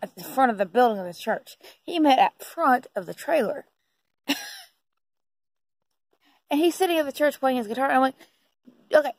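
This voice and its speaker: A woman's voice: high voice, no echo, poor audio. A woman talking casually to her phone at night, rambling and giggling with lots of fillers. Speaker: vlogger. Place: indoors at night.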